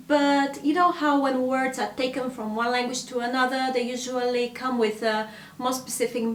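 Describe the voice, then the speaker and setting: A woman with a slightly high voice talks casually and playfully about words she has come across in several languages, pausing often on fillers. Her voice rings out in an echoey room. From Bulgaria. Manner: chatty, playful, with frequent fillers. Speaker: language vlogger. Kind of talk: casual educational monologue.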